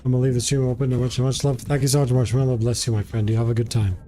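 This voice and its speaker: A man's voice: mid-range voice, little pitch movement, racing, dark tone, soft background music. A man from Jordan, chatting casually and greeting viewers by name as a game streamer. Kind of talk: casual live-stream chat.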